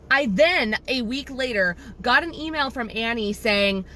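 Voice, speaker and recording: An exasperated woman photographer tells a storytime to camera, swearing freely as she goes. Her voice is bright and forceful. Faint ambience sits under it. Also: a little high, animated, unhurried, a little hiss or hum. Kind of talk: storytime chat.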